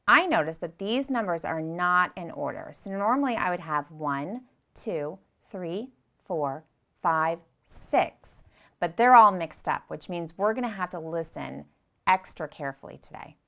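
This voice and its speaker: A young woman teaching preschoolers, gentle and patient, speaking slowly and clearly and repeating her directions. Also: fairly low pitch, lively intonation. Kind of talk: slow, clear lesson for young children.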